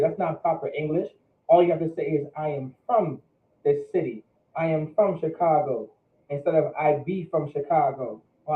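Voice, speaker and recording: A man teaching a vocabulary class, his voice a little high for a man. He talks loosely and conversationally, repeats words for his students and asks them questions. The sound is roomy and thin, like a phone line. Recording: echoey room over phone-like line.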